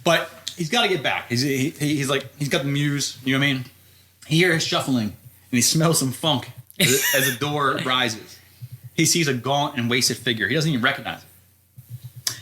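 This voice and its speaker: A man's voice: mid-range voice, moderate pace, pushed and bright, a little hiss or hum. A man co-hosting a podcast, recapping a story in loose, profane chat with frequent laughs. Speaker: podcast co-host.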